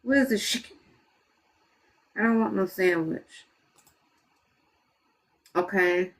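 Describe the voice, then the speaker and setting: A woman's voice: medium pitch, slow. A woman chatting casually on a live stream, muttering exasperated asides to her viewers as she goes.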